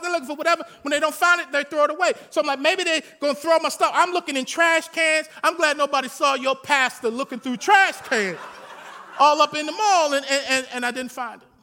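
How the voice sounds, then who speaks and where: A man, a pastor, preaching a sermon in an animated, folksy way, telling stories with humor and rising to shouts. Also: very high-pitched.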